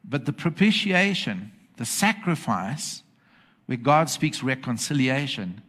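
Male preacher, mid pitch, emphatic, checks in with the congregation. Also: very animated, measured pace, a bit bright. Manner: emphatic, asks the congregation for agreement. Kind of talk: sermon. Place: church with congregation.

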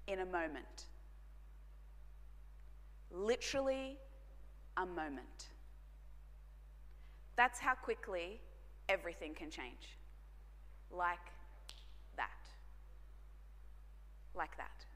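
A woman pastor, telling a personal story in a sermon, earnest and dropping to hushed tones for emphasis. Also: lowish voice, very animated, very slow, long pauses. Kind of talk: sermon testimony. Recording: long hall reverb.

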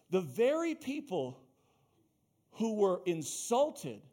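A male pastor delivers a sermon in a notably high voice. He preaches with emphasis, driving points home through repetition and direct calls to his listeners. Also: darkish tone. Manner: emphatic, repeats phrases and calls out to the congregation.

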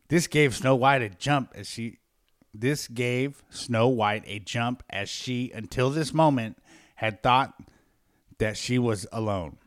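Man doing a lively comic read-aloud. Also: mid-range voice, no echo, studio quality. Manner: casual, crude, joking asides. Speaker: podcast host reading a story aloud. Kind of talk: comic dramatic reading.

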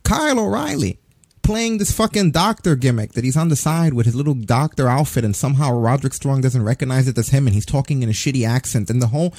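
Fast-talking ranting man, dark voice. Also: mid-range voice, no room sound. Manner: profane, ranting, animated. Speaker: podcast co-host. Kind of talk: casual wrestling review chat.

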